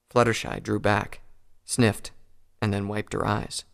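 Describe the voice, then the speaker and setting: A man reading a pony fan fiction story aloud in a calm, even storytelling voice. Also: fairly low pitch, unhurried, vocal fry. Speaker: narrator.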